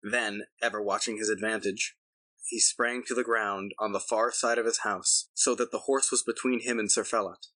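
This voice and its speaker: Bright-voiced male storybook narrator. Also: on the low side, steady tone, low-quality recording. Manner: measured, formal old-fashioned diction. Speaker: audiobook narrator.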